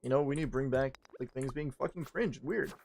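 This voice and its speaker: Gravelly, foul-mouthed male streamer. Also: medium pitch, a little fast, darkish tone, slight background noise. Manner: profane, rambling, joking. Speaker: livestreamer. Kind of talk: casual stream chat.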